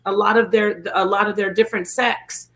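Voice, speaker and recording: New york woman on a panel, bright voice, jokey and animated. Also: medium pitch, fairly quick, low-quality recording. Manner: animated, joking. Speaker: guest panelist. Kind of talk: casual panel chat.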